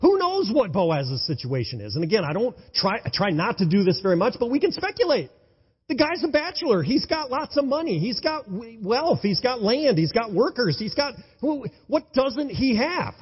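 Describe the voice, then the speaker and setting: Animated, husky-voiced male pastor preaching. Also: very high-pitched, moderate pace. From United States. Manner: animated, enthusiastic, swings from loud exclamations to hushed tones. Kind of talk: sermon. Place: church sanctuary. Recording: dull, lo-fi sound in a reverberant hall.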